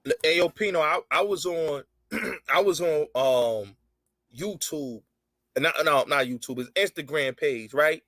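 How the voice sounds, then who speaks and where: A man's voice: on the high side, a little slow, a bit bright, dry recording. Talkative male show host on a call. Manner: agreeable, interjects often, repeats himself. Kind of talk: casual video-call chat.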